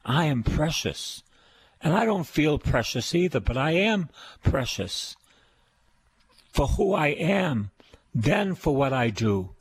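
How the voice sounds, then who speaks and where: A man's voice: a little high, very animated, slow, slightly rough. An older man with a Boston accent, preaching a radio sermon in an emphatic, repetitive style. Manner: repetitive, emphatic preaching with call-and-response praise.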